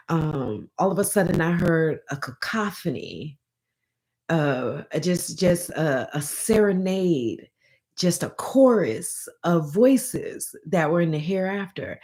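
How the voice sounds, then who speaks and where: A woman's voice: on the low side, darkish tone. A woman vlogger telling a personal story in a rambling, emotional way, often restarting and calling her viewers y'all.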